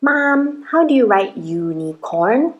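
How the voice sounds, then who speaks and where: A woman voicing a young kindergarten child in an acted demonstration, slowly sounding out letters and asking her mother for help with spelling. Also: on the high side, sing-song, narrow, tinny audio. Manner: slow, drawn-out sounding out of letters. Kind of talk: acted parenting demonstration skit.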